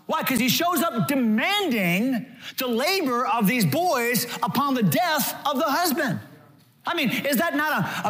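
A male pastor preaching a sermon in an animated way, acting out quotes as he goes. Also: very high voice.

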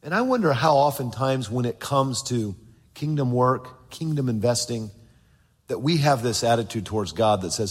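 A man's voice: medium pitch, animated, moderate pace, husky. A male pastor preaching a sermon in a church, reading scripture aloud and acting out the voices of the people in his story. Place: church sanctuary. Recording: long reverb of a large church.

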